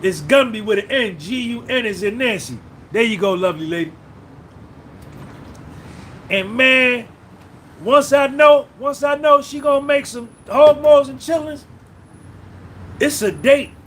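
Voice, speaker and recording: A man's voice: very high-pitched, lively intonation, unhurried, long pauses, a bit bright, slight background noise. A man hosting a podcast livestream, talking casually and profanely, reminiscing and reading out viewers' names. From New Jersey. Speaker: podcast host.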